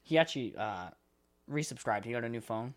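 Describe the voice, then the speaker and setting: A young man co-hosting a casual podcast, venting in an exasperated, profane rush. He acts out both sides of his phone calls, and his voice sits at an ordinary middle pitch. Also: expressive, fairly quick. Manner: exasperated, swears a lot, acts out callers. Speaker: podcast co-host. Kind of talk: casual chat.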